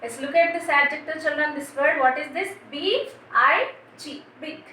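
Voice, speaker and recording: Female teacher, bright and sharp, drills spellings with questions to children; recorded off-mic in a booming room. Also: moderate pace. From India. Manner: spells words letter by letter and quizzes the children. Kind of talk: classroom grammar lesson. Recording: very echoey room, voice from a distance, faint noise.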